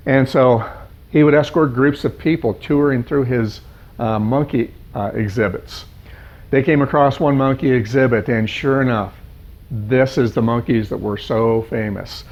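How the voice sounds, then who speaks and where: A male life coach telling a parable in an animated storytelling manner, piling up lists of words. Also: medium pitch, a little slow. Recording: dull lo-fi sound.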